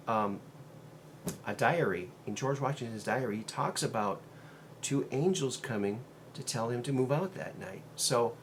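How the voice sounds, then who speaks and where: A man at an ordinary middle pitch talks through a long tale in a rambling, unscripted way. He stops often on um and uh, then picks the thread back up. His delivery stays casual, like a solo host talking straight to his viewers. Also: a little hiss or hum. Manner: meandering, halting, frequent um and uh fillers. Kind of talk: casual monologue retelling a story.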